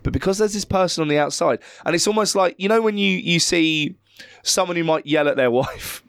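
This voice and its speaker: A man's voice: a little high, fairly quick, no echo, studio quality. A man co-hosting a casual film chat, swearing freely, laughing often and acting out characters' lines.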